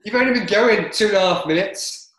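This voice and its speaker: A man's voice: sits high, brisk, fairly bright tone. A man hosting a casual podcast chat, rambling and hesitant with lots of fillers. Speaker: podcast host. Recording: echoey room.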